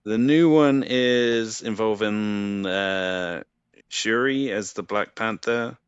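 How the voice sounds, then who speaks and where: Slow, deep-voiced man from England. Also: clean tone, no echo, muffled recording. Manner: unhurried, halting with many fillers. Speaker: podcast co-host. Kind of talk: casual chat.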